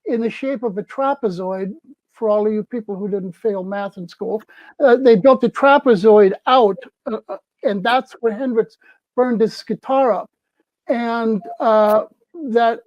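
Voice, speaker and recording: A man's voice: very high-pitched, a little mellow, no echo. A man in his seventies, a former festival crew member, tells a story casually and acts out the people he quotes. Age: 70s. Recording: dull, dry lo-fi sound.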